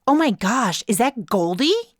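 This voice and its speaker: A woman's voice: a little high, very animated, measured pace, no room sound, studio quality, pitched above the performer's own voice. A woman doing a smug, gloating rival captain. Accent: slips into an accent when frustrated. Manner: gloating, falsely sweet.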